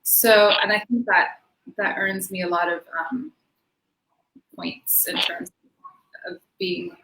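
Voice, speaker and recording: In an echoey room with faint noise, a belly dancer guest talks slowly in a casual interview. Her mid-range voice is expressive, bright, and forceful, and her chatty manner is filled with fillers and laughter.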